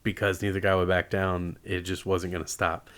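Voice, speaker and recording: A man co-hosts a casual podcast in a low, smooth, resonant voice. He talks through each bout in an easygoing, measured way. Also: flat delivery, a bit bright. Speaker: podcast co-host. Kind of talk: casual chat about boxing.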